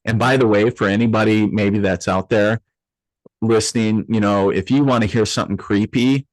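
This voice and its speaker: A man with a lowish voice tells a personal story as an interview guest. He talks loosely, with fillers and restarts, and acts out the voices of the people he quotes. The sound is dry and close, with no room echo. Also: steady tone, moderate pace.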